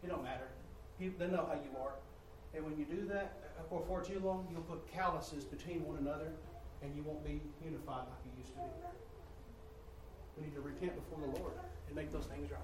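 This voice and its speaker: A man preaching a sermon, telling a personal story and confessing, moving from hushed passages to loud, exasperated outbursts. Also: a little high, fairly quick, noisy background. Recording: echoey room, distant mic, faint ambience.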